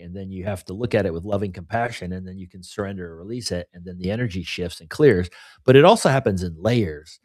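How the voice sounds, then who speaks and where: Candid low-voiced man chatting on a podcast. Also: a little mellow, no echo, clean studio sound. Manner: candid, confessional, rambling with frequent "you know" and "right?". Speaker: podcast co-host. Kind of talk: casual podcast conversation.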